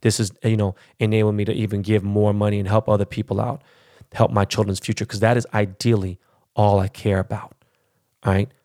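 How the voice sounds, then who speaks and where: A man's voice: on the low side, flat delivery, a little fast, mellow, dry recording, studio quality. Blunt, profane man with LA slang. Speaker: podcast host. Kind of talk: casual monologue podcast.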